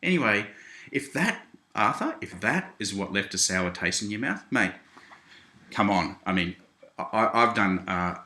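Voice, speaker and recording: An Australian man speaks to the camera from a small home office, indignant and tangling his words as he rebuts a critic. His voice sits low but sounds bright and forceful. The small room gives it a noticeable echo. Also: expressive, unhurried. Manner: indignant, keeps saying "mate", many restarts. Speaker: video blogger responding to critics. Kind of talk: casual direct-address rant.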